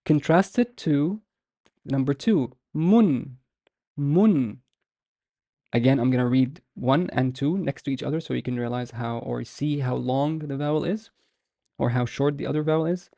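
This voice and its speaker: A man's voice: medium pitch, creaky, mellow, dry recording, studio quality. A man teaching a beginners' language lesson, patiently explaining and repeating each word several times with frequent fillers. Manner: patient, repeats words slowly with many fillers.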